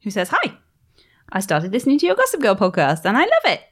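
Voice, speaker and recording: A woman's voice: mid-range voice, wildly swooping pitch, fast. A woman, co-hosting a podcast, chatting casually and reading out listener emails. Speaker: podcast co-host. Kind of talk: casual chat.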